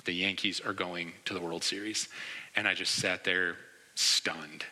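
Man preaching, story-driven sermon, very bright sharp voice, long hall reverb, animated retelling. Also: low voice, measured pace. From New York. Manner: lively storyteller, acts out quoted reactions. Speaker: pastor.

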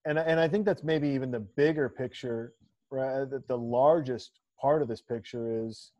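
A warm-toned man of medium pitch and moderate pace hosts a laid-back podcast, with the recording's highs cut off. He riffs emphatically, packing the casual chat with crude, profane jokes and banter.

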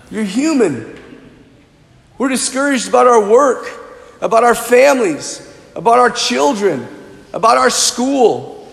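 A man in his forties preaching a sermon, animated and conversational, telling personal stories. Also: extremely high pitch, creaky. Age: 40s. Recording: echoey hall.

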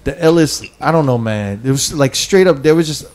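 A man's voice: fairly high pitch, animated, normal speed, darkish tone. A man telling a long, rambling story to friends on a podcast, full of slang, restarts and fillers. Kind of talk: casual storytelling among friends.

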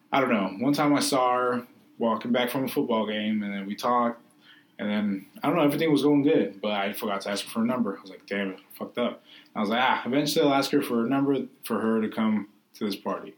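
A man's voice: mid-range voice, brisk, rough recording. A young man casually telling a rambling, self-deprecating story to friends, swearing freely.

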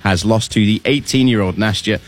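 Low-voiced man reading sports news. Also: fairly quick. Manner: steady, matter-of-fact. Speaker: news reader on panel.

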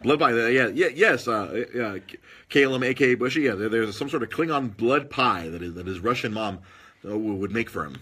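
A man telling stories in casual podcast chat, animated, with husky tone. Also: medium pitch, fairly quick, a little hiss or hum. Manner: animated storytelling with put-on quoted voices.

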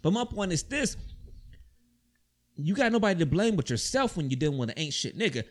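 A man's voice: high voice, very animated, a little fast. A man co-hosting a casual group chat, rambling and repeating his words as he makes his point. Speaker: podcast co-host.

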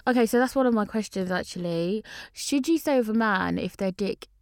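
A woman's voice: medium pitch, brisk, smooth, no echo, clean studio sound. A young woman chatting frankly and openly, giggling often. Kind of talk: casual chat.

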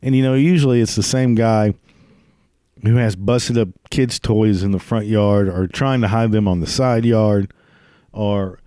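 A man's voice: lowish voice, measured pace, warm tone, smooth, no room sound, studio quality. A man delivering a crude, profane comedic rant, swearing constantly and laughing at his own jokes. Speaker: ranting commentator.

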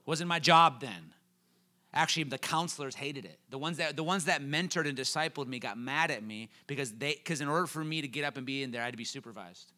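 A young man preaching a sermon, telling a story with quoted voices and laughs before building to fervent, loud calls. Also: mid-range voice, expressive, brisk. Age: young adult. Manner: laughs between lines.

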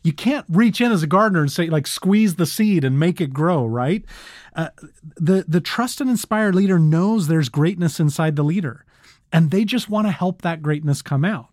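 A man hosting a leadership podcast, talking in an animated way and acting out little quotes. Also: fairly high pitch, moderate pace, no room sound, studio quality. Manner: animated, acts out quotes, laughs easily. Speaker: podcast host.

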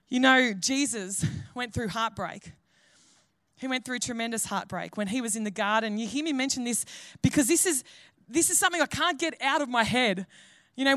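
A woman's voice: high-pitched, fairly bright tone, no room sound, studio quality. A woman pastor, preaching a sermon in an earnest, conversational way.

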